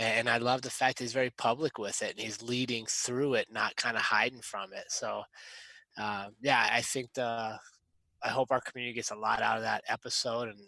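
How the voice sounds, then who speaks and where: A man co-hosting a podcast, talking in an easy, animated way and laughing often. His voice is bright and forward, recorded close and dry with no room sound. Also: mid-range voice, gravelly, dry recording. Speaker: podcast co-host. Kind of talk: casual chat.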